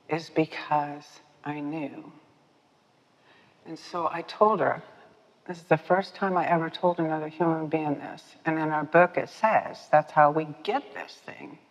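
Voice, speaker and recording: An older woman speaking at a recovery meeting, telling her story in a lively, self-mocking way and laughing often. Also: sits low, measured pace. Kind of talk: personal storytelling talk. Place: meeting hall with podium. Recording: dull, echoey hall recording.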